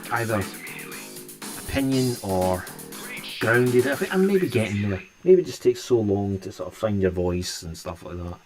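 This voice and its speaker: A man's voice: on the low side, lively intonation, moderate pace, a little mellow, soft background music. A Scottish man hosting a live stream and chatting casually with viewers, rambling and restarting his sentences often. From Scotland. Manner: rambling, hesitant, many restarts.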